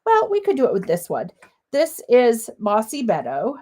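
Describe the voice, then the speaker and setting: Bubbly, lively woman demonstrating crafts. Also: fairly high pitch, moderate pace. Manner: chatty, bubbly and talkative. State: sniffly with a cough. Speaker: papercraft demonstrator. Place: home craft room.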